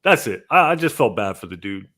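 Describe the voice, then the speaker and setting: A man hosting a casual gaming podcast and reading out viewer donations, with animated talk that jumps from loud bursts to low mutters. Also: fairly quick. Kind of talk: casual chat.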